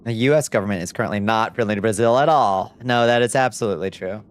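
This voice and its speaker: A man's voice: lowish voice, fast, clean tone. A man chatting casually on a live stream, swearing freely and cooing at his cat between remarks.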